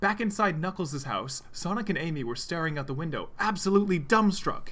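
A man reading a fan story aloud in a steady, plain way. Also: a little high, brisk. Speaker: reader.

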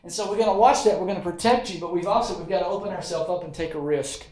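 High-voiced folksy Southern preacher, echoey church. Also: male voice, a little mellow. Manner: folksy preaching, repeats phrases, quick asides and chuckles. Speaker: pastor. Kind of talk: sermon. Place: church sanctuary. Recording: roomy church echo.

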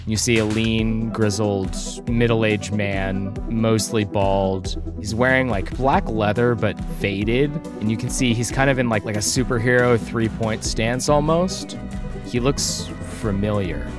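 A man running a tabletop role-playing game as game master, narrating scenes in a measured, descriptive way with casual asides. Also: on the low side, fairly even intonation, music in the background.

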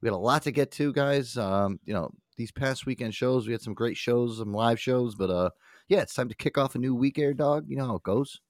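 A man's voice: medium pitch, fairly quick, no echo, clean studio sound. A man hosting a podcast in casual, profane banter, laughing often and swearing freely. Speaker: podcast host.

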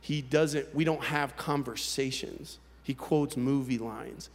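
A male pastor telling a personal story in a sermon, candid and conversational, with halting restarts. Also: medium pitch, steady tone. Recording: long hall reverb.

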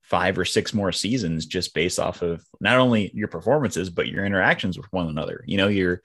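A man hosting a casual podcast interview, enthusiastic, with halting restarts. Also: deep voice, expressive, fairly bright tone. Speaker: podcast host.

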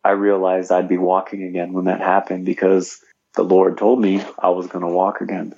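A man's voice: low-pitched, completely flat delivery, normal speed, vocal fry, dark tone, breathy edge, highs cut off. A man, a fitness trainer and motivational speaker, telling his own story earnestly as a podcast guest and leaning on "you know" fillers. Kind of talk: personal story in a podcast interview.

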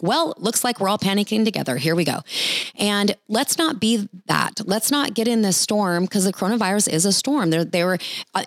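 A woman's voice: medium pitch, dry recording. A woman ministry leader giving an encouraging talk with prayer, earnest and chatty, speaking straight to the listeners.

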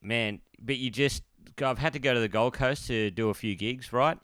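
A man's voice: medium pitch, moderate pace, a bit bright, smooth, no room sound, clean studio sound. A young Australian man co-hosting a podcast, laid-back and rambling as he tells stories. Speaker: podcast co-host. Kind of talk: casual podcast banter.

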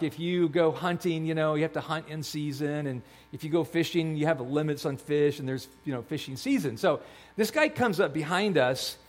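Storytelling male pastor, slightly high voice. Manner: storytelling, conversational with many restarts. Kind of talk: sermon.

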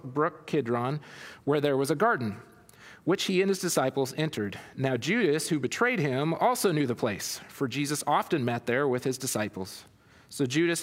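A man's voice: on the high side, big-room sound. A man preaching a sermon, reading scripture aloud and then expounding on it with frequent restarts. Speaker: pastor.

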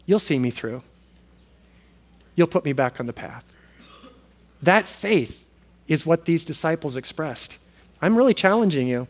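A man preaching a sermon, telling a family story with animated swings between loud exclamations and hushed, earnest tones. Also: a little high. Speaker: pastor.

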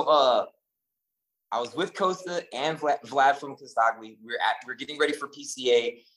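A man co-hosting a casual chat, telling stories in an animated, profane and rambling way, full of restarts. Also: mid-range voice, poor audio. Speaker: podcast co-host.

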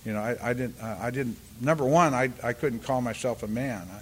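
An older man giving a halting, rambling personal share at a recovery meeting, full of restarts and "you know," and acting out the voices of the people in his story. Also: medium pitch, slightly rough. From California, US. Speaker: speaker sharing at a recovery meeting.

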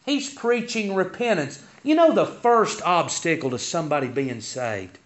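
A man's voice: a little high, lively intonation, moderate pace. A man teaching a Sunday school class, reading Bible verses aloud and then explaining them. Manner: reads scripture aloud in King James wording, then explains it. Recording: dull, lo-fi recording.

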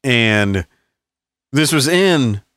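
A man from the American South telling profane, animated stories as a podcast co-host. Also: medium pitch, extremely slow, dry recording, studio quality. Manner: profane storytelling, animated impressions. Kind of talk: casual chat.

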